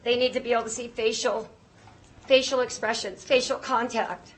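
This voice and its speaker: A woman's voice: fairly high pitch, steady tone, moderate pace, poor audio. A woman giving a prepared public comment as a parent, earnest and pleading, nervous and choked up.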